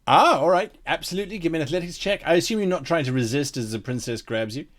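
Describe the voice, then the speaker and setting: Lively-voiced man game master. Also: a little high, fast talker. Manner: vivid, playful description. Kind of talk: narrating a tabletop game.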